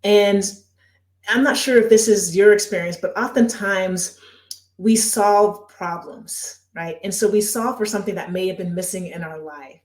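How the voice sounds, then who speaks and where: A woman's voice: mid-range voice, moderate pace, a little mellow. A woman hosts a podcast interview in a mid-range voice, asking thoughtful, reflective questions. She often tags her points with a questioning "right?". Her voice carries a noticeable echo from the room. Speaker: podcast host. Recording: echoey room.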